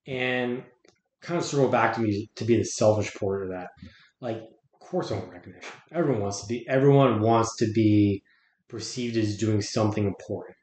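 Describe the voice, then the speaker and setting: A man's voice: lowish voice, normal speed, darkish tone. A man talking as a podcast guest, earnest and reflective, often restarting his words. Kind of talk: casual conversation. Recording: roomy echo.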